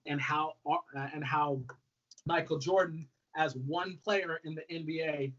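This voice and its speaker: Man in his 30s, easygoing guest storyteller, slightly high voice, dull lo-fi sound with faint hiss. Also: unhurried. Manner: relaxed, upbeat, lots of fillers. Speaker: whiskey brand ambassador, guest. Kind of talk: casual conversational storytelling. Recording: dull lo-fi audio with faint noise.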